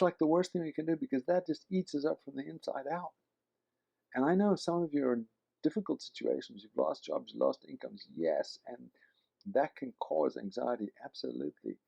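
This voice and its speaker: A man's voice: mid-range voice, gravelly, dark tone, slightly rough, poor audio. A middle-aged man, a pastor, giving a conversational, earnest sermon full of asides. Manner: earnest, conversational preaching with frequent "you know".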